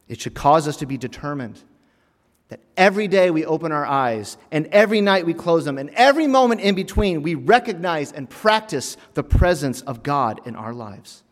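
Animated preacher in an echoing hall. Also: male voice, a little high, normal speed. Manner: animated, with sudden loud emphatic bursts and quiet drops. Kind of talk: sermon with humorous personal story. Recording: long hall reverb.

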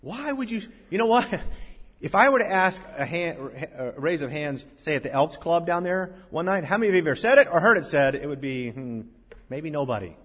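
A man preaching a sermon as pastor to his congregation, swinging between loud emphasis and quiet, confiding asides. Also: a little high, animated, fairly quick. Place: large church sanctuary. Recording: reverberant hall. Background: congregation in the room.

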